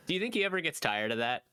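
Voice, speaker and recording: A man co-hosting a podcast, chatting jokily about a movie in an animated, hammy way. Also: on the high side, smooth. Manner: animated, jokey, swings his voice up and down. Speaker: podcast co-host. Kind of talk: casual comedic movie review chat.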